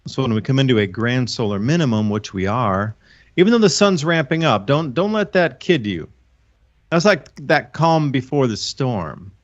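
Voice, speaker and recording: As a guest on a casual talk show, a man who hosts an online channel gives a long, earnest, rambling explanation, often restarting his sentences. His mid-range voice has lively intonation and a moderate pace; he uses his own microphone, and the highs are cut off.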